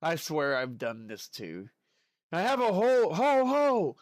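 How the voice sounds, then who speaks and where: A man chatting playfully on a livestream, his voice leaping up and down in pitch. He talks at an easy, unhurried pace, keeps up a running banter with his audience, and sounds close and dry on his mic. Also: huge pitch swings, dry recording. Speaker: streamer. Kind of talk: casual livestream chat.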